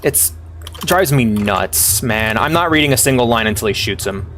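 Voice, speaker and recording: Guy streaming a game, ranting and cursing nonstop, tripping over his words, middle pitched voice, bit of faint noise behind. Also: animated, normal speed, a bit bright. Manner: exasperated profane ranting with frequent stammered restarts. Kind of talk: live game stream commentary.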